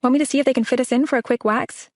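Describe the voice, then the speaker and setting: A woman reading an audiobook, voicing a bubbly, excitable young woman friend who gushes and teases. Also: high voice, very fast, dry recording, studio quality, voice pushed up, natural voice. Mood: teasing. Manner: gushing, teasing, exclamatory. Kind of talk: audiobook character voice.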